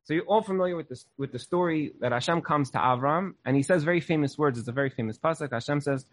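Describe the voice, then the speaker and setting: A man's voice: a little high, fast talker, hardly any pauses. A young man teaching a Torah class in an earnest, casual way, often saying "like". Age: young adult.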